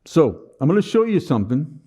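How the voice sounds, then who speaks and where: A man's voice: on the high side, very animated, brisk, dark tone, husky. A man giving a motivational talk at a conference with a sarcastic, dry sense of humor, often repeating words as he starts a sentence. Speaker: conference speaker. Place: conference stage.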